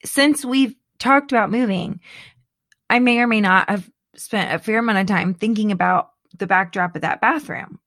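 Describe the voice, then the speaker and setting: A middle-aged woman in casual chat, animated and dramatic, laughing often. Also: medium pitch, moderate pace, dry recording, studio quality.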